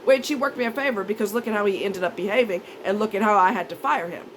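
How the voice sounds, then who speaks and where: A woman's voice: mid-range voice, fast, slight background noise, poor audio. A woman telling a story as a vlogger, ranting in an indignant, sarcastic and emphatic way. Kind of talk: storytime rant.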